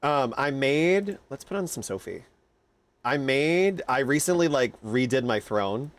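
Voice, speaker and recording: A man streaming a game live, chatting casually with loud, excitable outbursts. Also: mid-range voice, a little slow. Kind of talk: casual live-stream chat over gameplay.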